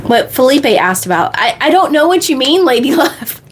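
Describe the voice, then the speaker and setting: Bubbly high-voiced woman coach on a livestream. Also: sing-song, slight background noise. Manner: bubbly, fast, reads out chat questions and answers them. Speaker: manifestation coach.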